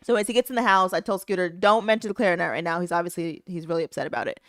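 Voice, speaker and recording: A woman's voice: fairly low pitch, very fast, fairly bright tone, no echo, clean studio sound. A woman co-hosting a podcast, telling a story in casual chat and acting out the voices of the people she quotes. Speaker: podcast co-host.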